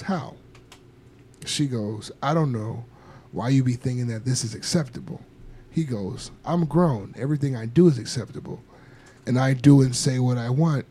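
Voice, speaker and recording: A man's voice: mid-range voice, warm tone, husky. A man co-hosting a podcast, mocking and swearing as he reads out messages in casual banter. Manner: brash, profane, mocking, chanting segment intro. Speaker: podcast co-host.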